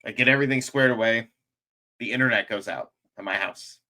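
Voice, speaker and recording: A man hosting a podcast, chatting casually and telling lively stories in which he acts out what people said. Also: mid-range voice, a little fast. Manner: animated storyteller, acts out quotes. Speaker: podcast host.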